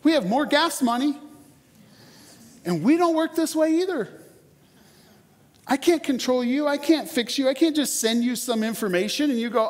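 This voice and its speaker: A man in his forties preaching a sermon in a church, conversational and animated, often repeating words as he starts a sentence. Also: extremely high pitch, moderate pace, long pauses. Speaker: pastor. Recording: long hall reverb.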